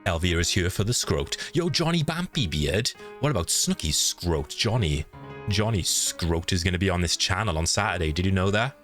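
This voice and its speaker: A man's voice: low-pitched, a little fast, a bit bright. A man streaming a game from his room, chatting and greeting viewers by name. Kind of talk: livestream gameplay chat. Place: home room. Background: game music.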